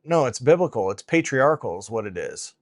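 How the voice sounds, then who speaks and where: A man delivers preaching commentary with heavy emphasis, circling back over his own words to drive them home. His voice sits at an ordinary middle pitch. The sound is close and dry, with no room around it. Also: big pitch swings, brisk, no echo. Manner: emphatic, repeats phrases for stress. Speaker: host.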